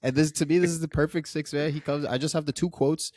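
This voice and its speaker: Man, podcast co-host, casual film chat, lively, quotes scenes, dry studio sound. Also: fairly high pitch, fast, dry recording. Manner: animated, laughs often, acts out movie quotes.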